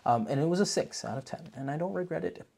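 A vlog host giving a casual movie review, talking in an animated, profane way full of filler words. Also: medium pitch, quick pace, gravelly.

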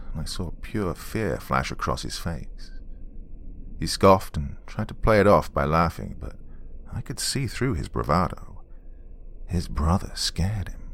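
Man, very low voice, storytelling, dry wry delivery, former cop. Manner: dry, wry, matter-of-fact with dark humor. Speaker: former police officer telling a true story. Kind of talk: storytelling narration.

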